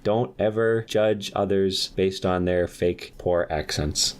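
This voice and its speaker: A man hosting, improvising a rambling, deadpan comic story with giggly asides. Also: low voice, slow. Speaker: storyteller host.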